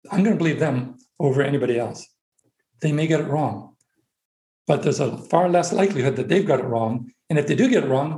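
A man as a podcast guest, calmly explaining his ideas step by step in conversation. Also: on the high side. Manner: methodical, lays out points step by step. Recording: roomy echo.

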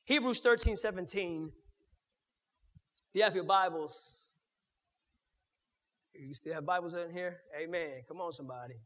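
A man pastor preaching a sermon, swinging from loud to murmured and mimicking churchgoers in quick mock voices. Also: high voice. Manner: preaching with sharp swings in loudness, dropping to near murmurs. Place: church sanctuary. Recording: long reverb of a church hall.

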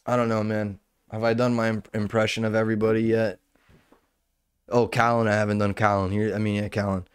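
A man with a lowish voice rants casually into a podcast mic. He curses freely, rambles and keeps restarting his sentences. The sound is dry and close, with no room echo. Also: clear, resonant tone. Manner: profane, rambling, restarts often. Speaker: stand-up comedian and podcaster.

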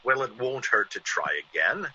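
A man's voice: mid-range voice, very animated, moderate pace, sharp tone, slightly rough, heavily acted. An actor playing a man who acts out a vengeful ex-convict, in theatrical 1940s radio acting. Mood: coaxing. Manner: theatrical, menacing in the scene within the scene. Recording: dull lo-fi old radio recording.

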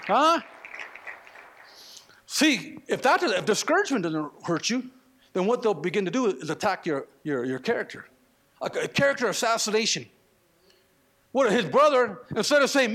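A man preaching a sermon, animated, with slangy asides and acted-out quotes. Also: high-pitched, moderate pace, vocal fry. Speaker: pastor.

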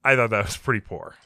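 A man's voice: medium pitch, vocal fry, bright, forceful tone, no echo. A man casually discussing a movie in a wry, laid-back way, often laughing at it. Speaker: film podcast co-host. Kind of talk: casual film review chat.

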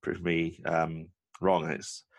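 A man's voice: low voice, completely flat delivery, slow pace, highs cut off. A man hosting a podcast in casual, jokey chat. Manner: chatty, jokey, self-deprecating. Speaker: podcast host.

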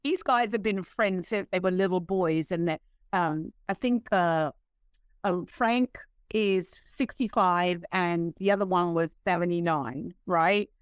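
A woman in her sixties, a guest telling stories in a casual interview, animated and laughing, acting out what others said. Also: lowish voice, a little slow, smooth, no room sound. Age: 60s. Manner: animated, laughing, acts out quoted voices.

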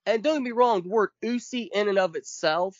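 Podcast co-host, man, high-ish voice, emphatic profane rant, dull dry lo-fi sound. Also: a little fast, no echo. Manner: emphatic, profane, counts off points.

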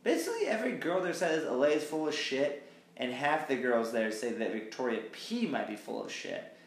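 Animated man casually recapping TV. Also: mid-range voice, normal speed, echoey room. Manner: animated, acts out quotes with mocking voices. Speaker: podcast co-host. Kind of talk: casual chat recapping a reality show.

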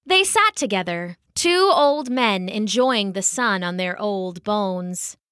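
A woman narrating a children's story in an expressive, animated way. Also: medium pitch, slow pace, clear, resonant tone, no echo, clean studio sound.

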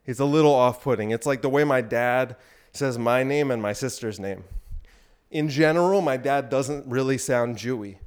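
A young podcast host rants crudely on a rambling solo episode, full of profanity and frequent asides, while working out on an elliptical. His voice is mid-range and smooth at a normal speed.

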